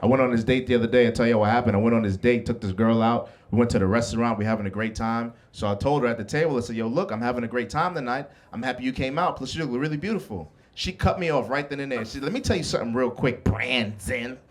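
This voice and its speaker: A man's voice: mid-range voice, quick pace, hardly any pauses. A young man from the Bronx, doing a brash, profane stand-up set and teasing the crowd from a club stage. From the Bronx, New York. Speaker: stand-up comedian. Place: comedy club stage before a live audience.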